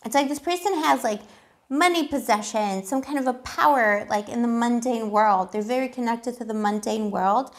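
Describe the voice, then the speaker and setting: A woman's voice: fairly high pitch, normal speed. A woman giving a casual tarot reading, chatty and giggly, with lots of fillers. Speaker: tarot reader.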